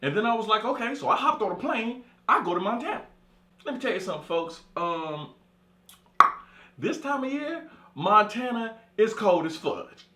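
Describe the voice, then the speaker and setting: A man's voice: high-pitched, normal speed, reverberant. A man telling a profane comic story as a monologue, acting out the people in it. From California. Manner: animated, profane, acts out voices. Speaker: comedian storyteller.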